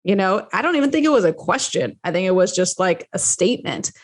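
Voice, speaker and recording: A woman's voice: mid-range voice, brisk. Chatty woman podcast host coaching. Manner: chatty, animated storytelling with lively quoted voices; repeats and restarts phrases while explaining. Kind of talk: solo podcast teaching.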